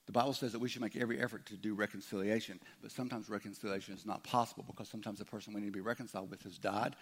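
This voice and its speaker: A man's voice: lowish voice, steady tone, racing, husky. A man preaching a conversational sermon as a pastor, voicing imagined objections from his listeners.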